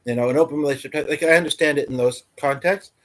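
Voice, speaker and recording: A man's voice: on the high side, fast. Rambling man chatting on a livestream. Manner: meandering, full of fillers and restarts. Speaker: livestream host. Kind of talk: rambling casual livestream chat.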